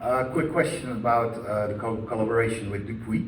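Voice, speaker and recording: A man from the Netherlands asks a panel guest a question from the audience, halting and filling gaps with "uh." His fairly low voice sounds distant and echoey in a big convention hall, with a faint wash of noise behind. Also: fairly even intonation. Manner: hesitant, many fillers. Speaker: fan asking a question.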